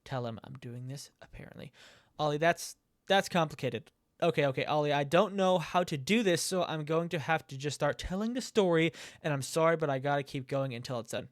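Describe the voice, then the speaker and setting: Reading his chat aloud in a relaxed, conversational way, this man narrates the game he's playing a little fast. He sounds close and dry with no echo, his voice slightly high for a man. Laughter and the odd swear word punctuate his running reactions.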